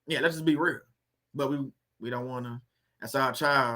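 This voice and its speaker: A man's voice: mid-range voice, measured pace, long pauses, pushed and bright. A man hosting a faith-based video channel, talking in a casual, preachy way and putting rhetorical questions straight to his viewers.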